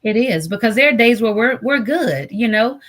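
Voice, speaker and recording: A woman's voice: a little high, expressive, moderate pace, a bit bright, slight background noise. A woman guest, a trauma advocate, telling an emotional personal story in an earnest way. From United States. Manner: earnest, acts out quoted voices.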